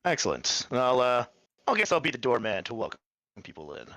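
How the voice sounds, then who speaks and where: A man playing in a tabletop game, speaking casually and courteously in a bright, forceful voice. The sound is close and dry. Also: medium pitch, wildly swooping pitch, brisk, dry recording. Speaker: player.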